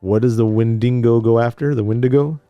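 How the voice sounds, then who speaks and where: A man's voice: medium pitch, steady tone, a little fast, smooth, no echo, dull audio, faint music behind. A man co-hosting a podcast, recapping a TV episode in casual chat, rambling and joking as he tells the story. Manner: rambling, jokey storyteller who acts out scenes.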